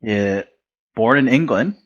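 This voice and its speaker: A man's voice: medium pitch, animated, slow pace, muffled recording. Rambling American man telling stories. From United States. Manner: rambling, profane, retells dialogue with quoted voices. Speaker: podcast guest. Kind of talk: casual storytelling.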